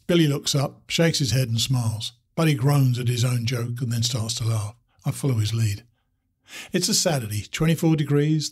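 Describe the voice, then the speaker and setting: A man reads a story aloud in a steady, descriptive way. His voice sits in a middle pitch and carries a husky, raspy grain.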